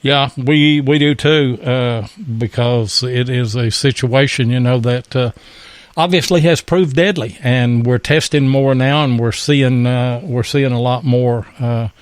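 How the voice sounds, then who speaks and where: Brief: male show host, halting delivery, dry close sound. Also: medium pitch, fairly even intonation, smooth, dry recording. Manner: halting, with many fillers and restarts. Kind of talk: casual radio show talk.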